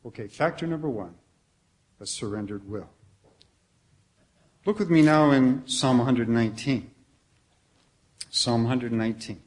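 A man preaching a sermon in an earnest, conversational way, asking the congregation questions and dropping softly at the ends of phrases. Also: medium pitch, measured pace, pauses often.

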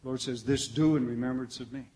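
A man preaching a sermon in an earnest, conversational way, asking the congregation questions and dropping softly at the ends of phrases. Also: medium pitch, steady tone, fast.

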